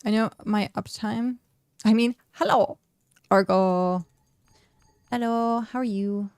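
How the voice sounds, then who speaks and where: A woman game streamer talks casually to her chat, reading viewer questions aloud and rambling through fillers and restarts. Her voice carries a gravelly vocal fry. The sound is dry, close and up front. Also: mid-range voice, takes it slowly, a little mellow, no echo. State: hiccuping.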